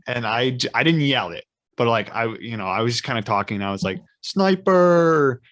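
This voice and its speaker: A man co-hosting a podcast, chatting casually with frequent laughs and halting restarts. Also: mid-range voice, sharp tone. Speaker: podcast co-host. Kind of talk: casual chat.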